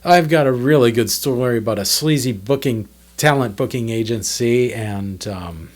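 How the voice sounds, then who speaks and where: A man's voice: medium pitch, normal speed. Chatty man in his fifties telling stories. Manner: rambling and chatty, with frequent restarts. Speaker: channel host, drummer. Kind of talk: casual storytelling monologue.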